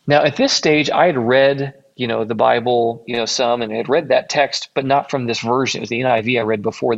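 A young man from Illinois telling a rambling personal story in a casual way, correcting himself often along the way. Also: medium pitch. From Illinois, USA. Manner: rambling, self-correcting, acts out quoted voices. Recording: dull lo-fi recording.

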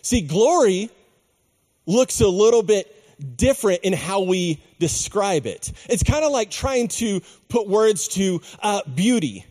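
Emphatic preacher in a reverberant hall. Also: male voice, high-pitched, big pitch swings, darkish tone. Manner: slow, emphatic preaching with dramatic pauses. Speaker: pastor. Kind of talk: sermon.

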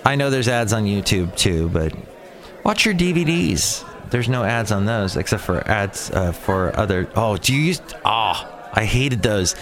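A man's voice: lowish voice, lively intonation, measured pace. A man hosting his own daily podcast, rambling goofily between topics and silly bits. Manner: goofy, digressive, sings and shouts bits. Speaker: podcast host.

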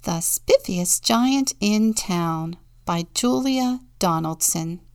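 A woman deacon reading a children's Bible story and a picture book aloud, in a gentle storytelling manner with soft whispered moments. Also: mid-range voice, lively intonation, slow pace, dry recording.

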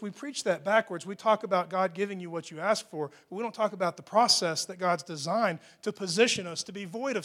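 A pastor with a high voice gives a sermon in a church hall, speaking conversationally to the congregation. At times he rises to emphatic peaks; at others he sinks into soft, hushed asides.

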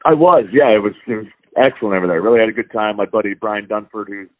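A man's voice: lowish voice, fast, dry recording. Easygoing man on a tinny phone line. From Wampum, Pennsylvania, USA. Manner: easygoing, lots of fillers and restarts. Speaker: guest, hockey player. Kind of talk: casual interview over phone.

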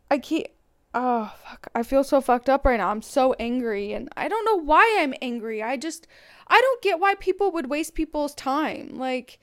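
A woman with a high-pitched voice delivers a blunt, profanity-heavy rant straight to her listeners. Her tone is smooth and clear, and she speaks in a raw, confessional way. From Irish heritage. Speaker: podcast host.

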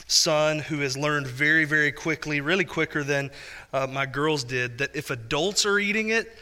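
A man in his thirties preaches a sermon in a high, ringing, very bright voice. He talks to the congregation like a friend, slipping in playful asides between his points. His delivery stays conversational rather than formal. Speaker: pastor.

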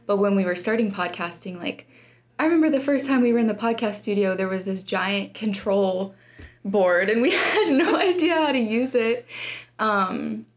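A young woman in her twenties, a student podcaster, chatting in a casual interview with many likes. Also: mid-range voice. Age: 20s.

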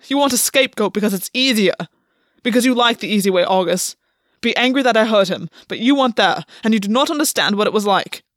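A woman's voice: fairly high pitch, a bit bright, no echo, clean studio sound, lightly acted. A woman voicing a desperate, bitter male fae king in an audiobook reading, pleading and accusing in a raw tone.

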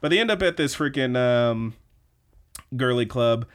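A man's voice: mid-range voice, a little slow, smooth. A man hosting a podcast, recapping an anime episode in casual, profane chat, acting out bits as he retells. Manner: profane, animated retelling with acted quotes. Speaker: podcast host.

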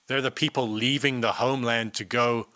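A man's voice: medium pitch, fairly even intonation, moderate pace, bright, forceful tone, dry recording, studio quality. A man from South Africa chatting on a podcast, rambling with casual swearing. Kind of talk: casual chat.

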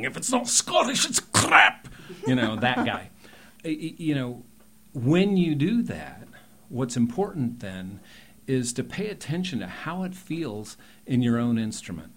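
A man, a dialect and coach explaining his craft in a relaxed way with joking asides. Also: medium pitch. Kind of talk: casual interview talk.

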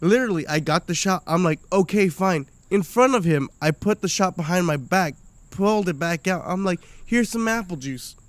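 A man's voice: high-pitched, expressive, moderate pace, dry recording. A young man, a podcast guest, telling profane rambling stories in casual chat and laughing often.

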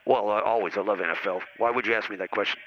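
Over a muffled phone line carrying faint noise, a man with a lowish voice calls in to a comedy show and talks very fast. His comedic banter rambles and needles, full of hesitant uhs.

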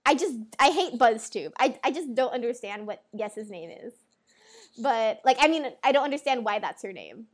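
A woman's voice: a little high, animated, moderate pace. A woman in casual chat, reacting with incredulous, laughing complaints.

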